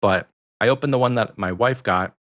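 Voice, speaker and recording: A man's voice: fairly low pitch, normal speed, a bit bright. An American man co-hosting a podcast, chatting casually and rambling with frequent ums. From United States. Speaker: podcast co-host.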